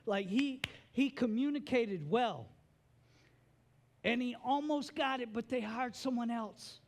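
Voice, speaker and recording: A man preaching a sermon as pastor, animated, with playful joking asides. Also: very high voice, takes it slowly.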